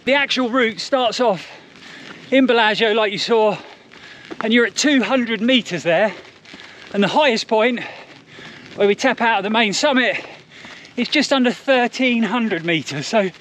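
A man's voice: extremely high pitch, measured pace, fairly bright tone, slight background noise. A man recording an upbeat, chatty vlog outdoors on mountain trails as he runs a race. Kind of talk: on-the-run vlog commentary.

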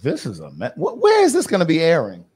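A man's voice: on the high side, huge pitch swings, quick pace, a little mellow, breathy edge. A man co-hosting a podcast in casual chat, with a wry, chatty manner. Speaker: podcast co-host.

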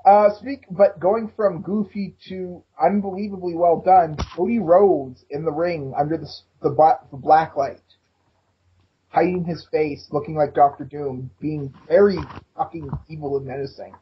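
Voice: mid-range voice, fairly even intonation, moderate pace. A podcast co-host with a mid-range voice chats casually about wrestling, laughing often and keeping it easygoing. The audio is dull and lo-fi, with faint noise behind.

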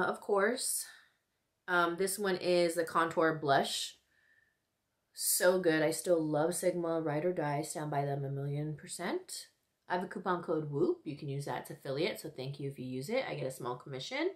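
Chatty woman vlogger with a lowish voice. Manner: chatty, frequent "like" and "you know", laughs often. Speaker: beauty vlogger. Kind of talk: casual get-ready-with-me chat.

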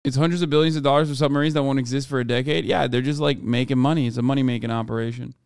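A man's voice: mid-range voice, fairly even intonation, racing, vocal fry, clean tone, no room sound, studio quality. A man streaming, giving loose, profane political commentary and reading chat aloud. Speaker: streamer reacting to news.

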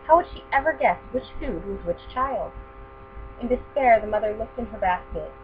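A woman's voice: on the high side, lively intonation, normal speed. Casting: woman storyteller reading a picture book aloud, tinny lo-fi with mains hum.

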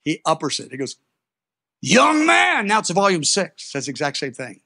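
An older man preaching a sermon, telling personal stories in an animated way, with sudden loud peaks. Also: fairly high pitch, quick pace.

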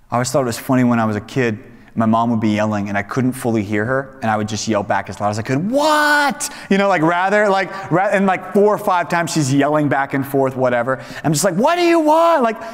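A man teaching a young adults Bible study in a casual, conversational sermon style, animated and acting out quoted voices. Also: medium pitch. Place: church hall. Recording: echoey hall reverb.

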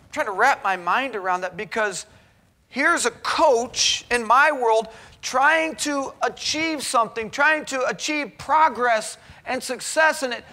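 A man's voice: extremely high pitch, pushed and bright. A man preaching a sermon in a college chapel, earnest and exhorting, pressing his points with rhetorical questions.

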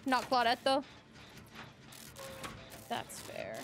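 High-voiced chatty young woman streamer. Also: very animated, extremely slow, a little hiss or hum. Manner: chatty, giggly, reads and greets chat. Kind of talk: casual live-stream chat while gaming.

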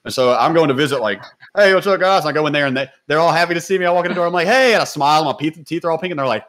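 A man telling a story as a podcast guest in a casual, animated way, swearing freely and talking in slang. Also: on the high side, racing.

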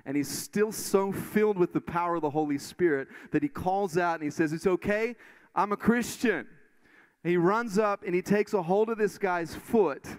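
A man preaching in church and telling testimonies in an animated way, full of restarts. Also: high voice, moderate pace, few pauses. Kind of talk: sermon testimony. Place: church stage.

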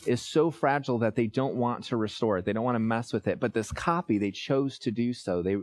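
A man's voice: medium pitch, brisk. A man in his thirties, a church pastor, preaching a sermon in a conversational, storytelling way with frequent fillers.

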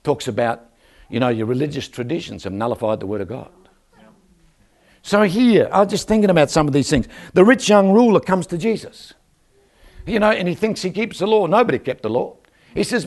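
An older man preaching a lively church sermon, joking and calling out for amens from the congregation. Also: fairly high pitch, fairly quick. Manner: animated, joking, calls for amens from the crowd. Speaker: guest preacher. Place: church service.

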